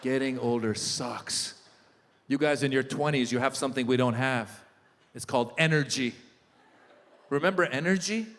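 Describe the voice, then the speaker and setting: A middle-aged man doing stand-up comedy, chatting with the audience in lively crowd work, in a hall with long reverb. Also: medium pitch, moderate pace, long pauses, a little hiss or hum.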